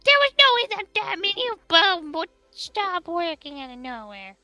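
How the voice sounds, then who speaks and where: A woman's voice: extremely high pitch, big pitch swings, moderate pace, pushed and bright, no room sound, faint music behind, pitched above the performer's own voice, heavily acted, low-quality recording. A woman voicing a sassy, Karen-like grandmotherly woman who talks in an indignant, emphatic way.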